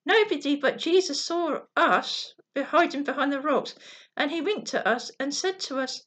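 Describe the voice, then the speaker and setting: A woman's voice: sits high, moderate pace, a bit bright. A woman reading an earnest young girl.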